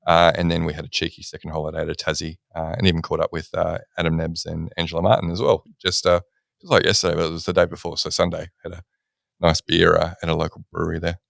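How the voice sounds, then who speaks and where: A man's voice: deep voice, level tone, quick pace, creaky, a bit bright, dry recording, studio quality. A middle-aged Australian man hosting a podcast, joking and easygoing with plenty of fillers. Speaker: podcast host. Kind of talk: casual podcast chat.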